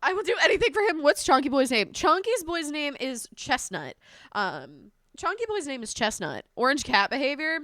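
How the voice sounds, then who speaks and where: A woman's voice: high voice, big pitch swings, moderate pace, bright, forceful tone, dry recording, clean studio sound. A woman live streamer chatting casually with her viewers, scattered and talkative, thanking them often and swearing mildly.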